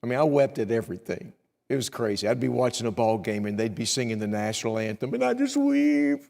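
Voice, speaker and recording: A middle-aged man preaching an evening sermon as a visiting evangelist, acting out anxious prayers in a rising pleading voice and dropping to a quiet hush for personal stories. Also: mid-range voice, big pitch swings, fast, gravelly. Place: church sanctuary. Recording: long hall reverb in a church.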